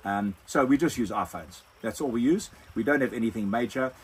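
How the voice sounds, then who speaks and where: A man's voice: medium pitch, fairly quick, poor audio. Older man, South African accent, casual Q&A, rambling, repeats himself, phone mic, faint background noise. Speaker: overlanding vlog host. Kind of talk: casual Q&A chat. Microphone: phone propped on a wine box.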